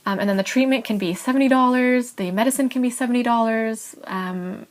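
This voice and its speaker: A woman's voice: a little high, fairly quick. A young woman from California with an American accent, telling a personal story in a casual, chatty vlog full of "like" and light laughs. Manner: chatty and animated, with frequent "like" and laughs. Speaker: vlogger.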